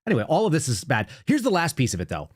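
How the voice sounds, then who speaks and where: A man in his thirties hosting a political commentary show, sarcastic and animated as he tells stories and reacts to news clips. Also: on the high side, racing. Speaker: podcast host.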